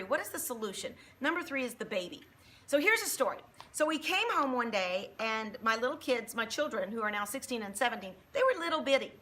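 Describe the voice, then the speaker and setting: Bright-voiced woman giving an emphatic faith talk. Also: high-pitched. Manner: emphatic, preachy, animated storytelling. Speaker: Christian motivational speaker. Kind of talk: faith-based motivational talk.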